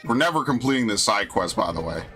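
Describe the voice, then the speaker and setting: Exasperated New streamer ranting. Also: male voice, on the low side, animated, fast, pushed and bright, faint music behind. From New York. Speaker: game streamer. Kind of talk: live game stream commentary.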